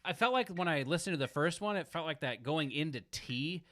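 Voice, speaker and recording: A man musing aloud while practicing for an audition, critiquing himself in halting, self-correcting phrases. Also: on the high side, lively intonation, a bit bright, no room sound. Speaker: musician practicing audition excerpts. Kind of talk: thinking aloud during practice.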